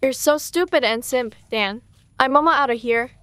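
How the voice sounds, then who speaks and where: A woman's voice: sits high, moderate pace, a bit bright, faint music behind. A woman voicing a blunt, sarcastic young woman in a storytime animation.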